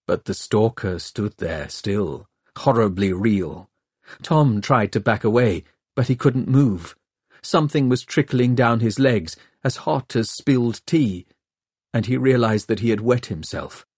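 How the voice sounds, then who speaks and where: Man reading an audiobook, slow and husky, dry close mic. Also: on the low side, animated, a little mellow, no echo. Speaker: audiobook narrator. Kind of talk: scripted audiobook narration.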